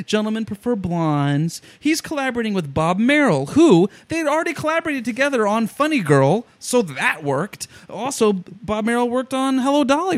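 A man with a notably high voice chats animatedly about theater, co-hosting a casual podcast. The sound is dry and close, with no room around it. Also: dry recording. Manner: chatty, animated, excitable. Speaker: podcast co-host. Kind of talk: casual chat about musicals.

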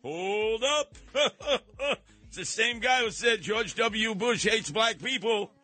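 A man's voice: sits high, a little slow, soft background music. A man hosting a talk radio show, delivering an opinionated monologue, mocking and mimicking other people. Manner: animated, mocking, mimics voices.

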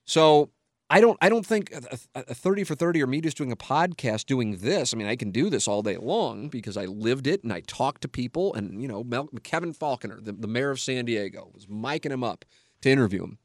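A middle-aged podcast host delivers casual, opinionated talk, blunt and emphatic and swearing freely. His mid-range voice has lively intonation and a fairly quick pace, with no echo.

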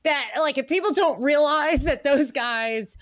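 Animated, laughing woman podcast host. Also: sits high, measured pace. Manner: animated, laughs often, acts out quoted people. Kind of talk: casual political chat.

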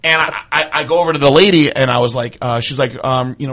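A man's voice: mid-range voice, fast talker, few pauses. A man telling a long story in casual chat, swearing often and rambling. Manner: profane, rambling, animated storyteller.

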